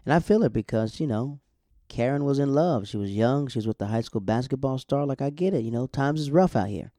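A man's voice: mid-range voice, expressive, a little fast, warm tone, no echo, studio quality. A young man casually recapping a TV episode, rambling and correcting himself as he goes. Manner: rambling, chatty, self-correcting asides. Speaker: show recap host.

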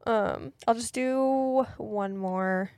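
A woman's voice: on the high side, drawn-out words, gravelly, darkish tone, dry recording. A woman tattoo artist co-hosting a casual podcast, upbeat and laughing as she reads viewer questions. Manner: upbeat, laughs between lines.

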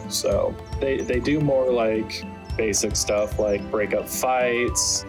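A man's voice: medium pitch, fairly even intonation, slow, poor audio. Guy game mastering, mid voice, rambly with lots of likes, faint music under. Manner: rambling, filler-heavy narration. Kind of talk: narrating a tabletop game.

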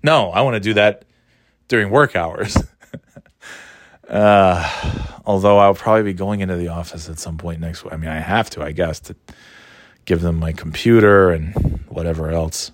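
A man's voice: sits low, normal speed, no room sound, clean studio sound. A tired, yawning man rambling sarcastically in a casual monologue, swearing freely and mocking himself. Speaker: vlogger.

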